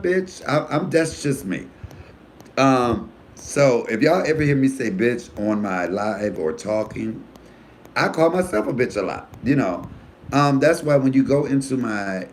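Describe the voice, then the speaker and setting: A man who is a comedian hosting his own live stream, chatting casually and frankly, with animated storytelling and cussing. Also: a little hiss or hum. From United States. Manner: animated storytelling, voice jumping high for quoted friends; profanity-laced, frank. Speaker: comedian and YouTube host.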